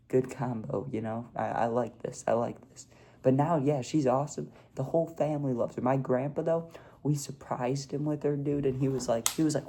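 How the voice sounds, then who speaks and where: A young man tells a story to his vlog audience in an easygoing way, tossing in "dude" and "like" as he goes. His voice is gravelly and dark, sitting at an ordinary pitch. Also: level tone, normal speed. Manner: laid-back, peppers talk with "dude" and "like". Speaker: vlogger.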